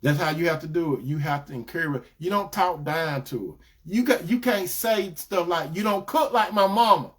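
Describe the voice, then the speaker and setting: A man's voice: fairly high pitch, animated, normal speed, few pauses. A man giving Christian relationship advice in a preaching style, repeating his points and calling listeners brothers and sisters.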